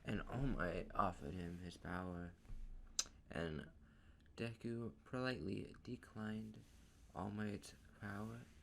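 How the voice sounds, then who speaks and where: A man tells a fan story in a slow, unhurried ramble, his low voice rough with fry. He strings events together loosely with plenty of "and" and "like". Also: fairly bright tone, a little hiss or hum. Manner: rambling, casual, drawn out. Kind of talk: casual fan-story narration.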